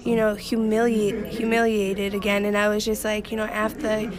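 Animated woman over crowd noise. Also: medium pitch, moderate pace. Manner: candid and animated, telling a personal story. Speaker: guest. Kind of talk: casual chat.

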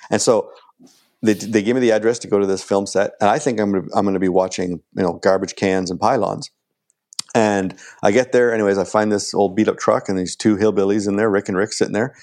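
A middle-aged podcast guest casually tells a long anecdote full of "like" and restarts, acting out quoted dialogue in a raised voice. His voice is lowish and a little mellow, fairly even in intonation and fairly quick.

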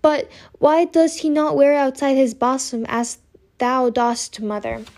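A woman reading aloud and voicing a curious, lively little girl with an eager, questioning manner. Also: high voice, measured pace.

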